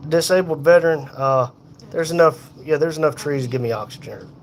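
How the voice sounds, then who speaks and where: A man in pain and tired, hosting a casual livestream from a hospital room on a phone, reading viewer comments aloud in an unhurried, folksy way. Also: fairly high pitch, a little hiss or hum. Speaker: livestream host reading chat. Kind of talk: casual live chat.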